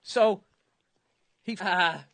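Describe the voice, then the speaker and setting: A middle-aged man spins a comic story in loose, lively podcast talk, slipping into other people's voices as he goes. His voice sits a little higher than most men's. The sound is dry and close, with no room around it. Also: drawn-out words, vocal fry, no room sound. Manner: animated, acts out other people's lines, laughs at his own story. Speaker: comedian telling a story.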